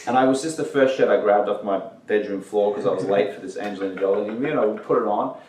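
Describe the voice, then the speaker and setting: A man's voice: fairly low pitch, fast talker, darkish tone, reverberant, far from the mic, poor audio. A man being interviewed as a guest, telling his career anecdotes in an easygoing, casual way and acting out what people said. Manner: anecdotal, easygoing, acts out quotes. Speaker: guest, entertainment journalist.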